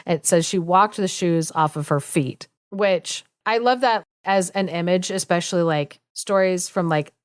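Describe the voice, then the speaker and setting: A woman's voice: on the low side, a little slow, few pauses, clear, resonant tone, no echo, clean studio sound. A woman co-hosting a podcast who retells a fairy tale in a chatty way, full of asides and "like", laughing often. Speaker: podcast co-host. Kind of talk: casual storytelling chat.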